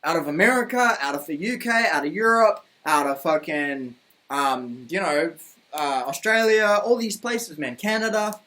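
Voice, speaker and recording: A man's voice: fairly high pitch, normal speed, sharp tone. A man with a New Zealand accent delivering a rambling, profane, heated opinion rant to camera at home. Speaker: vlogger. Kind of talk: ranting opinion monologue. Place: room at home.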